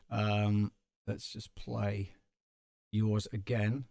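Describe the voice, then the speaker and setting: A British man hosting a live stream, chatting in a relaxed, self-deprecating way. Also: on the low side, extremely slow, creaky, no echo, studio quality. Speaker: live-stream host and voiceover artist. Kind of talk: casual chat on a live stream.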